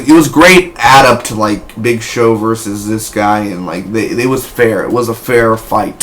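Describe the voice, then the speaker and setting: Rambling young man reviewing wrestling. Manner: rambling, restarts often, bursts into loud high woo shouts. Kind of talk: casual spoken review.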